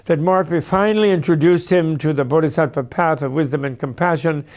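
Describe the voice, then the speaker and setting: A man's voice: a little high, fairly quick, darkish tone. A man lecturing in a discursive, anecdotal way, with asides and small stories. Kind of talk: storytelling lecture.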